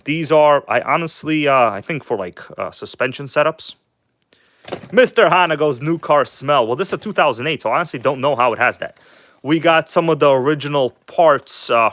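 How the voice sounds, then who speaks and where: A man rambles chattily through a live stream, calling his viewers "guys" and speaking with enthusiasm, bluntness and casual swearing. His middle-pitched voice has a fairly bright tone, and the sound is close and dry without room echo.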